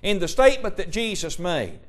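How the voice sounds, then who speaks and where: A man's voice: sits high, sing-song, fairly quick. A man preaching a sermon, emphatic and full of rhetorical questions, quoting scripture in old-fashioned wording.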